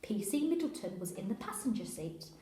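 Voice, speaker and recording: A woman teacher reading a children's story aloud in an expressive, animated way. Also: medium pitch, a little fast, slight background noise. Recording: echoey room.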